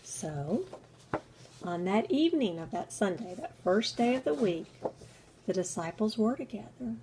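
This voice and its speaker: An unhurried woman telling a children's Bible story with expressive delivery, her voice often dropping to near whispers. She speaks slowly and deliberately over faint background noise. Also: mid-range voice.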